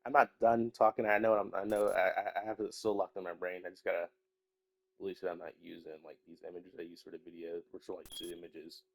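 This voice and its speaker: A man's voice: sits low, level tone, quick pace, vocal fry. A young man chatting casually in a rambling way, swearing often and trailing off into mumbles, a little sick with a stuffy nose. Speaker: YouTuber.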